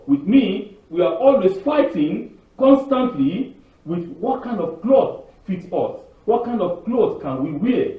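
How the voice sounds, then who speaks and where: Man, informal sermon, high voice, rambling, rhetorical questions, distant tinny echoey recording. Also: very animated, unhurried. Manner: rambling, asks rhetorical questions and answers them; acts out quoted voices with big pitch jumps. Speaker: spiritual leader giving a weekly Torah talk. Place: Canada.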